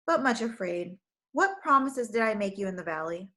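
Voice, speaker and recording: A kind, cheerful male shepherd, gentle yet strong, speaking with easy confidence, as a woman reading a storybook puts him on. His tone stays bright and reassuring. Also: mid-range voice, expressive, normal speed, natural voice.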